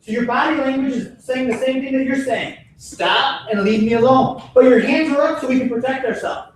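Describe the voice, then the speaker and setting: A man's voice: very high-pitched, brisk, slight background noise. A man teaching a martial arts self-defense class to kids, giving firm, repetitive instructions. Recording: echoey gym from far off.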